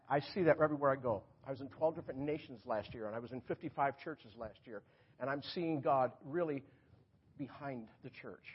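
A guest preacher speaking to a church congregation, his voice a little high and husky. He keeps it light and chatty, joking with the pews between points. The recording is dull and lo-fi. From New York. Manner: chatty, joking preacher who laughs at his own jokes. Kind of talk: sermon. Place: church sanctuary.

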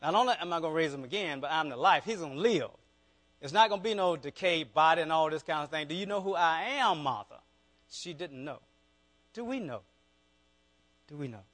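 A man's voice: a little high, animated, fairly quick, a bit bright. Southern man preaching a fervent sermon. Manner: preaches with rising, fervent calls and asides to the congregation. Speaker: pastor.

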